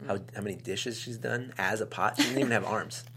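A man co-hosting a casual chat, telling stories in an animated, jokey way. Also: on the low side, brisk, slight background noise. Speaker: podcast co-host.

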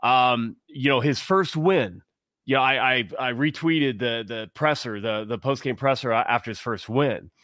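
A man's voice: mid-range voice, moderate pace, fairly bright tone, no room sound, studio quality. A man co-hosting a casual sports talk show, speaking with passion and rambling through many restarts. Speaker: podcast co-host.

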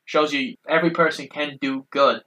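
A podcast co-host narrating a film's plot in a steady, matter-of-fact way. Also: mid-range voice, moderate pace, crowd noise, poor audio.

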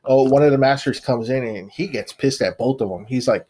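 A man's voice: medium pitch, brisk, a little mellow, breathy edge. Laid-back, swearing guy chatting. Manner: laid-back, profane, frequent laughs and agreeing yeahs. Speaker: podcast co-host. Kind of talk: casual chat.

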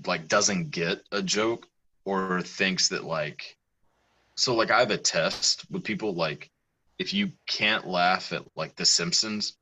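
A podcast host in a casual chat, talking in an animated way with lots of fillers. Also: deep voice, rough recording. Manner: animated, agreeable, filler-heavy.

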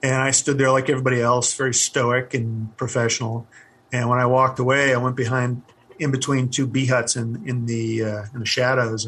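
Telling his story in an interview, a middle-aged former army helicopter pilot speaks candidly but haltingly, leaning on many fillers. His mid-range voice is fairly bright with a flat delivery, and there's a little hiss or hum in the recording.

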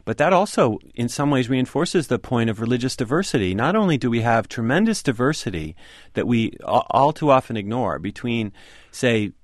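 A man's voice: medium pitch, expressive, moderate pace, no room sound, clean studio sound. A man being interviewed about his book, making his case earnestly with emphatic repetition. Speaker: author and guest. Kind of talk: radio interview discussion.

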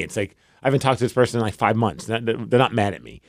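A man in his thirties chats on a podcast in a relaxed, rambling way, often turning jokes on himself. His voice sits at a middle pitch. The sound is close and dry, with no room echo. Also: rapid-fire, hardly any pauses. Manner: rambling, self-deprecating storyteller. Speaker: podcast co-host. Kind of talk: casual chat.

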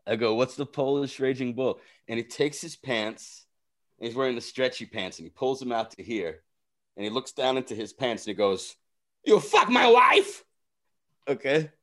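A man telling stories from a film set in casual chat, profane and animated, acting out what people said. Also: mid-range voice, moderate pace. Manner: animated, profane, often acts out quotes.

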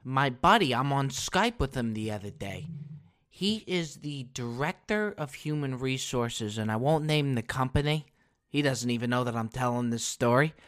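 A man hosting a solo comedy podcast, telling stories with loud bursts and low asides and casual swearing. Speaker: podcast host. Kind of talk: comic solo podcast monologue.

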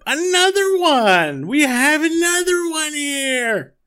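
A man voicing a childish monstrous earthworm-like boy, shrill and squealing. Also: sing-song, takes it slowly, bright, forceful tone, exaggerated voice. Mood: excited yelling.

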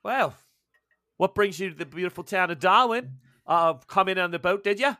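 Man putting on a brassy australian barmaid voice, high and loud, folksy and teasing. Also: moderate pace, no room sound, studio quality. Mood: cheeky. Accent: put-on Australian. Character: brash friendly female Australian barmaid.

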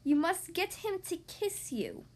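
A woman voicing a scheming, evil female sea witch in a storybook reading, drawn-out and gloating. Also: very high voice, big pitch swings, darkish tone, pitched above the performer's own voice, heavily acted.

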